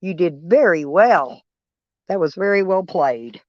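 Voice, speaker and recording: A woman's voice: on the low side, animated, a little slow, dry recording. Chatty folksy woman on a dull stream. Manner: chatty, folksy, answers chat comments by name; blunt, peppered with mild cursing. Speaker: live-stream vlogger. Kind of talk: casual live-stream chat with viewers.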